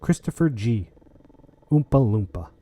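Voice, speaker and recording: A man hosting a gaming league podcast, chatting in an excitable, jokey way with lots of restarts. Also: mid-range voice, unhurried. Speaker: podcast host. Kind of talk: casual podcast chat and wrap-up.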